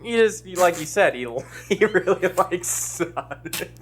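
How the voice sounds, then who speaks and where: A laid-back young man co-hosting a podcast in casual chat. His voice sits a bit high and moves a lot in pitch, and he keeps chiming in with quick remarks. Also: lively intonation. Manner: laid-back, laughs along, chimes in. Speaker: podcast co-host.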